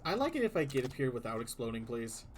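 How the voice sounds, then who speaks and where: A man's voice: mid-range voice, big pitch swings, quick pace, noisy background. A man giving live commentary while playing a video game, exclaiming, groaning and muttering at what happens on screen. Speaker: streamer. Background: game music.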